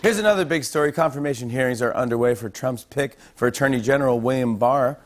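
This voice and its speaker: Punchy late-night host delivering comedy monologue. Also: male voice, medium pitch, fast talker, a faint crowd. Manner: punchy joke delivery with playful emphasis. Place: television studio with live audience. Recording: studio audience laughter and noise.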